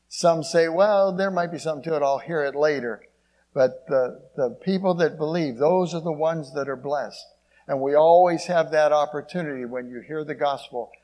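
A man preaching a sermon. He reads scripture in old King James wording, asks the congregation "Amen?", and swings between emphatic peaks and quiet low passages.

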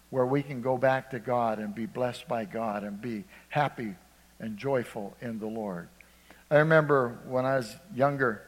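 An older man from Ohio preaching a sermon, shifting between loud emphasis and hushed, conversational storytelling. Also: medium pitch, big-room sound. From Ohio, USA.

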